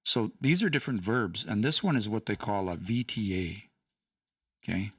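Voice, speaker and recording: A man's voice: lowish voice, animated, moderate pace, a bit bright, no room sound, clean studio sound, far from the mic. A man teaching language casually on a livestream, chatty, laughing and reading out chat comments.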